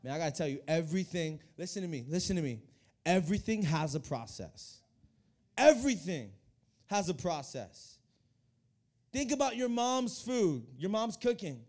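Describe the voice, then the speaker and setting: This youth pastor preaches briskly to his congregation in a church hall, his young voice warm, mellow and fairly high. Full of lively energy, he drives each point home by repeating words as he goes.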